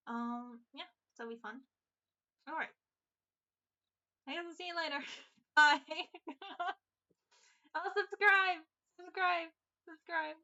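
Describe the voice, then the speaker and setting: A woman's voice: a little high, fairly bright tone, dull audio. A young British woman talking casually as a comic artist, rambling and correcting herself with giggles. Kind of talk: casual chat.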